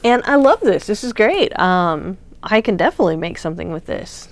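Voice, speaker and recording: A woman's voice: mid-range voice, big pitch swings, brisk. A woman hosting a craft channel, chatting casually and gushing as she shows off yarn, with plenty of fillers. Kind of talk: casual unboxing chat.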